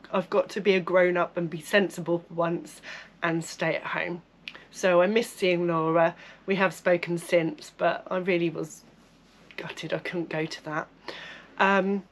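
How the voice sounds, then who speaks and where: A woman hosting her sewing channel, her voice stuffed-up and nasal from a lingering cold. She chats casually and a little apologetically, with plenty of ums, in a somewhat low register. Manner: chatty and apologetic, with filler ums. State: congested, bunged-up voice from a cold. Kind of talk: casual chat to camera.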